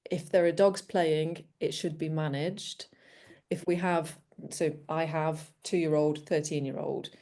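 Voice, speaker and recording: A woman, a dog trainer, talks as a guest in a casual interview with a low, mellow voice. She is bubbly, laughs often and acts out her dogs' reactions. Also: fairly even intonation, measured pace.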